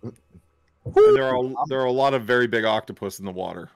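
Excitable man running a tabletop game. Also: mid-range voice, quick pace, gravelly, clear, resonant tone. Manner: excitable, swears when surprised. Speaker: game master.

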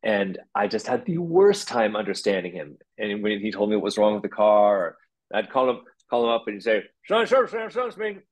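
A man's voice: fairly low pitch, animated, a little fast, husky. A man talking as a guest in a casual interview, reflective and rambling, with lots of restarts. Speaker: guest puppeteer.

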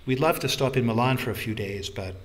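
A man voicing a calm, measured Canadian husband, in an audiobook. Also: medium pitch, close to an everyday voice.

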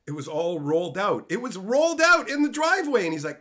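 A man in his thirties from Canada, ranting crudely on a live stream, swearing freely and bragging, swinging from loud outbursts to mumbles. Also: high voice, very animated, fairly quick.

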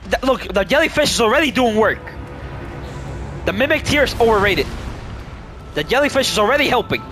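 A man giving loud, excitable let's-play commentary, swearing and swinging between low groans and yells. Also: brisk, soft background music. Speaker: gaming YouTuber.

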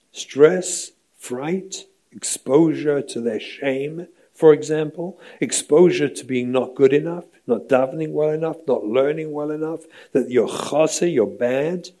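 Husky rabbi guy giving a parenting lecture, punchy and rhetorical, keeps going "right?". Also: mid-range voice, mellow. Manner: emphatic, rhetorical, often asks "right?". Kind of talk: training lecture to an audience.

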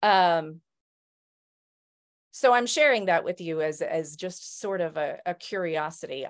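A woman sharing self-help tips with a group in a thoughtful, casual way, often restarting her sentences. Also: on the low side. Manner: thoughtful, many restarts and "right?". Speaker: circle member sharing tips. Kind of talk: reflective casual talk.

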